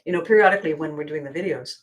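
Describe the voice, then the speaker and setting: Lower-voiced woman host, animated storyteller who acts out scenes and slips into quiet asides. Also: very fast. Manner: laughs often, drops to quiet asides. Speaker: podcast host and coach. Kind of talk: storytelling monologue.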